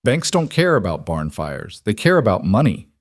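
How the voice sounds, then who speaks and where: A man's voice: on the low side, big pitch swings, normal speed, no room sound, clean studio sound. A man voicing a weary, determined young ranch wife who speaks frankly and practically. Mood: earnest.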